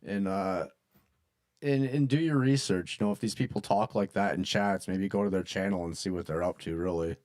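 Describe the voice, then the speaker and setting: A man on a livestream thanking chatters and calmly giving advice about online behavior. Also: deep voice, normal speed. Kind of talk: casual livestream commentary.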